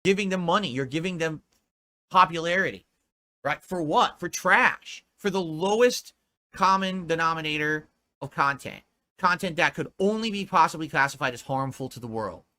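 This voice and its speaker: A man's voice: fairly high pitch, normal speed, bright, forceful tone. A man in a clip played during a reaction video, lecturing in a scornful rant.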